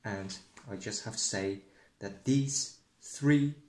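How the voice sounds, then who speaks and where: A man doing a comedic mock newscast as the presenter, rambling and deadpan. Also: lowish voice, slow pace. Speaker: parody news presenter. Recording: echoey room.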